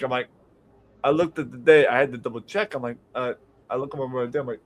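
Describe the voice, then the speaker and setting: A man's voice: mid-range voice, fast talker, low-quality recording. A young man with a Boston accent, hosting a casual late-night podcast stream, telling rambling family stories and reading out viewer comments. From New England. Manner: rambling storyteller, quotes others in lively voices. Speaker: livestream podcast host.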